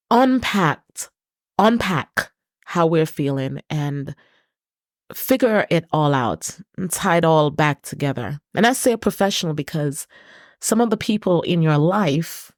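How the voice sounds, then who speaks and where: A woman's voice: deep voice, a little mellow, no room sound, clean studio sound. A woman hosting her own podcast, speaking earnestly in a personal, reflective monologue and repeating words for emphasis. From Britain. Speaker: podcast host.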